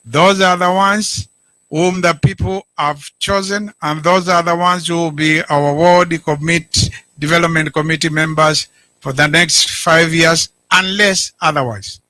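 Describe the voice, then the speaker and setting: A middle-aged Kenyan man, a county governor, giving a deliberate public speech and stressing his key words. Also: on the high side, steady tone, sharp tone, no room sound. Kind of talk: public speech, code-switching.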